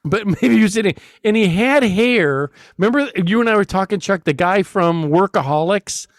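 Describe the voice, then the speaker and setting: Guy with a high voice that jumps all over, laughing through a long rambling story, dry close mic. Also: expressive, normal speed, dry recording. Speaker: podcast host. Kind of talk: casual storytelling chat.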